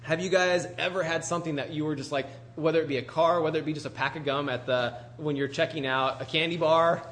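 A man preaching a conversational sermon in an animated, chatty way, full of asides to the congregation. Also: on the high side, fast.

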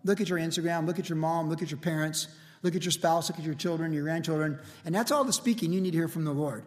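A man's voice: on the high side, fast, in a large hall. A man in his sixties preaching a verse-by-verse sermon as a pastor, telling stories in a casual way with lots of "like" and "you know". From United States. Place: church.

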